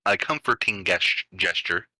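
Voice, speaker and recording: A man playing in a tabletop game, speaking slowly and trailing off mid-sentence. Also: sits low, sharp tone, dry recording, poor audio. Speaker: player.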